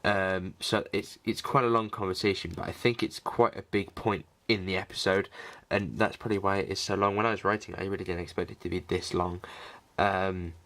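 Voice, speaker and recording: Rambling, bright-toned man vlogging. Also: sits low, steady tone, brisk, few pauses. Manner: rambling, many fillers and restarts. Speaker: vlogger, filmmaker. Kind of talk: casual behind-the-scenes talk.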